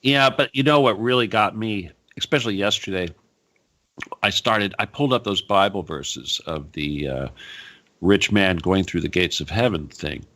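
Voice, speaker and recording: A man hosting a talk radio show, chatting casually and rambling, with frequent laughs and animated asides. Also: low voice, normal speed.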